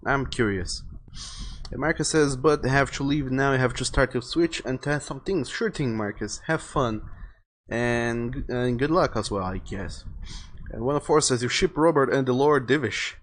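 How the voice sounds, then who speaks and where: A young man livestreams a video game, chatting casually and rambling as he goes. His voice sits at an average pitch, and he keeps reading viewers' messages aloud. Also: moderate pace. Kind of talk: casual gaming commentary.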